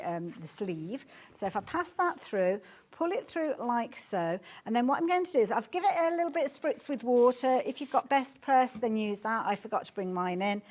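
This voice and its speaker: A woman demonstrating a sewing step live, explaining each move calmly and in order. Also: fairly high pitch. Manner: calm, methodical, instructional.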